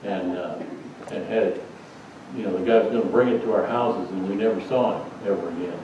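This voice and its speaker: A male pastor preaching a sermon in a relaxed, conversational storytelling way. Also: sits low, fairly quick, a little hiss or hum. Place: church sanctuary. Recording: echoey sanctuary, distant dull mic.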